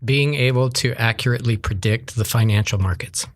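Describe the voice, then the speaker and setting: A man's voice: mid-range voice, brisk. A man guest in a casual podcast chat, easygoing and chuckling as he tells stories.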